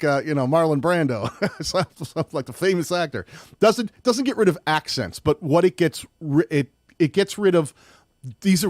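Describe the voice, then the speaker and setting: A man with a slight lisp hosts a live tutorial, chatting loosely with plenty of restarts. His voice sits at an ordinary pitch, and the recording is close and dry with no room sound. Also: a little mellow, no room sound. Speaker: host. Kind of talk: live-streamed audio tutorial, reading chat.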